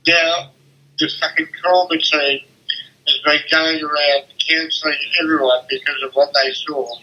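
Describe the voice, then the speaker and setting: An older man speaks in a shaken, tearful way, swearing and repeating himself. His voice is piercingly bright and set a little high for a man. It comes through a dull, muffled phone line. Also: flat delivery, unhurried. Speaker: interviewee. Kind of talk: emotional phone interview.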